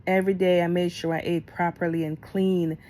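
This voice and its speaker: A woman's voice: lowish voice, a little fast. Chatty woman telling a personal story. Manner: candid, chatty, animated when retelling. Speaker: vlogger.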